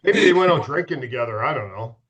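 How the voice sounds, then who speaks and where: A man's voice: medium pitch, animated, fast, fairly bright tone. A middle-aged man, a former hockey goalie, telling profane, laughing stories as a podcast guest. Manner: profane, laughing storyteller with frequent restarts. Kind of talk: casual storytelling chat.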